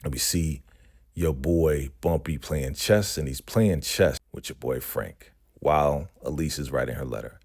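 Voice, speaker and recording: A man's voice: very deep voice, a little slow, darkish tone. A man casually recapping a TV episode in loose, slangy talk, tagging lines with "right?" and "you know".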